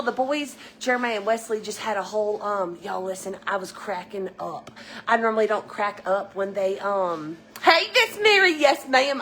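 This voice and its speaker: A middle-aged woman with a drawl, chatting and laughing with viewers during a home live stream. Her voice sits a bit high, and there's a faint hiss of room noise behind her, picked up on a phone mic in her kitchen. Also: pushed and bright. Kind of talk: casual live-stream chat.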